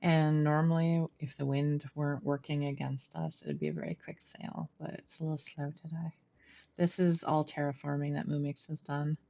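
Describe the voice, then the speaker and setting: Low-voiced chatty woman game streamer. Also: level tone, moderate pace, vocal fry, dark tone, dull audio. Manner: chatty, laughs often, self-deprecating. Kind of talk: casual gameplay commentary. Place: at home.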